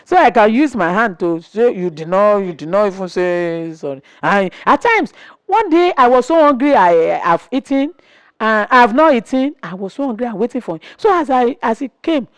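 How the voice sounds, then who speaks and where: A woman's voice: a little high, moderate pace, dry recording. A woman in her sixties, telling stories about her marriage in an interview and acting out what was said. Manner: animated storyteller acting out quotes. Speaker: interview guest, wife. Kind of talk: storytelling interview chat.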